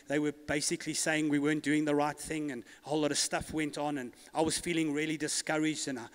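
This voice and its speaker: A man's voice: a little high, long reverb tail. A male pastor preaching a sermon with rising emphasis, calling on the congregation to repeat after him. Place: church hall.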